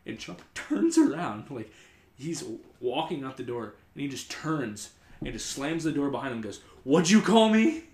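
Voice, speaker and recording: A man's voice: mid-range voice, moderate pace, reverberant. A man hosting a podcast, telling a story in casual chat, rambling with lots of "like" fillers. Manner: rambling, many "like" fillers, animated retelling. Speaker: podcast host.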